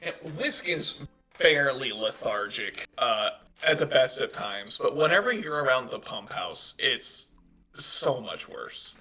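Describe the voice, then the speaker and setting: A man's voice: medium pitch, lively intonation, takes it slowly, pushed and bright, recorded from a distance, soft background music, low-quality recording. A man running a tabletop game as game master, narrating casually with jokes and fillers. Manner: casual, joking, many fillers.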